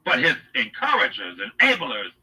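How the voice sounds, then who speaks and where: A man's voice: mid-range voice, wildly swooping pitch, normal speed, sharp tone, slightly rough, far from the mic, low-quality recording. A man giving emphatic, scornful reaction commentary, lecturing the viewer.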